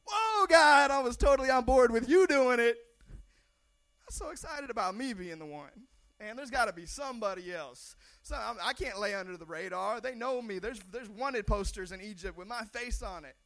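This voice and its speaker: Preacher doing anxious old Moses, high voice, pleading and agitated, man. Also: animated, moderate pace, sharp tone, full character voice. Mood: panicked. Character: anxious older Moses, male, fretful.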